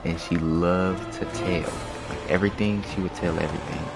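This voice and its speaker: Young guy with a low voice rambling thru a storytime, slangy and loose, music going in the background. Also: fairly even intonation, moderate pace. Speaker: streamer. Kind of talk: casual storytime. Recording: music playing behind.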